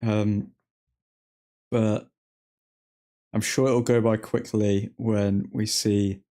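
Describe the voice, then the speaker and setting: Reactive man, slow-talking. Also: on the low side, flat delivery, dark tone. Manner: reactive, chatty fan talk with slang. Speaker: watchalong host. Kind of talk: live football reaction commentary.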